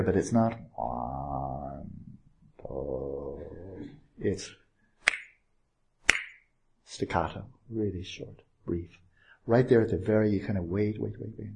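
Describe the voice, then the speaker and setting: A man giving a dharma talk as a meditation teacher on a retreat, gentle and playful, with unhurried pauses and small asides. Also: lowish voice, vocal fry, a little hiss or hum.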